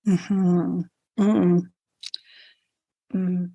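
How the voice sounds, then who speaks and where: A woman's voice: lowish voice, level tone, extremely slow, gravelly, mellow, muffled recording. A woman hosting a podcast interview, reflective and chatty, talking about acceptance with loose fillers. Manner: reflective, spiritual, uses fillers. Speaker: podcast host. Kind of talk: casual interview chat.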